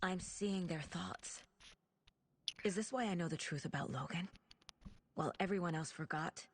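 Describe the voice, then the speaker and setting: A woman plays an earnest, determined investigator from a video game. Her voice sits fairly low, and she asks her questions in a searching way. Loud noise runs underneath. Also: normal speed, close to an everyday voice. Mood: wondering.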